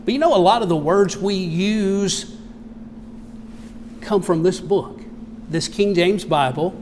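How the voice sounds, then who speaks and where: A man with a Southern American accent preaching a sermon, reading scripture slowly and solemnly, then explaining it in plain, folksy talk. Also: high voice, a little mellow, long reverb tail, slight background noise. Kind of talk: expository sermon reading King James scripture.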